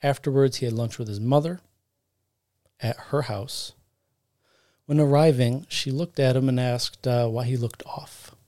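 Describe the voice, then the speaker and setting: A man of middle pitch tells a story on a podcast, speaking casually and jokily. He rambles, restarts lines and corrects himself as he goes. The sound is a plain studio podcast mic. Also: steady tone, a little slow, dark tone, no echo. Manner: rambling, self-correcting, jokey. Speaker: podcast co-host.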